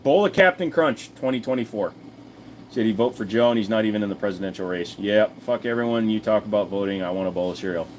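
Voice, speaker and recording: A man's voice: fairly low pitch, steady tone, fast talker, darkish tone, slight background noise. A man hosting a casual livestream, answering chat in a blunt, profane, rambling way with plenty of fillers. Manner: chatty, talks straight to viewers.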